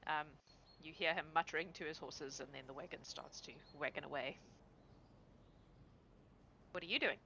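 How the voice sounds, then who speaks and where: Bright-voiced woman running a tabletop game. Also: low-pitched, slight background noise, low-quality recording. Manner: casual, laughing, quick asides. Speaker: game master.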